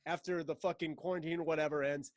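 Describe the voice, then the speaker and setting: A man's voice: on the high side, fairly even intonation, quick pace, dry recording. A man in casual chat, ranting and mocking with lots of swearing, laughing between phrases.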